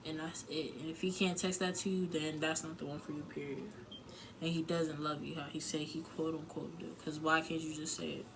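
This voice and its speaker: A woman's voice: low-pitched, little pitch movement, a little fast, background noise. A young woman giving blunt, emotional relationship advice to her viewers in a casual vlog, swearing freely and leaning on filler words. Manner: candid, emotional, profane, heavy filler words. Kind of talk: casual advice talk to camera.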